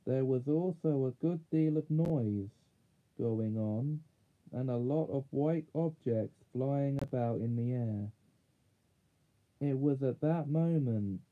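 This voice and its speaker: A man reading a children's fantasy chapter aloud in steady storybook narration. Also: mid-range voice. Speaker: audiobook reader. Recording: narrow phone-like sound.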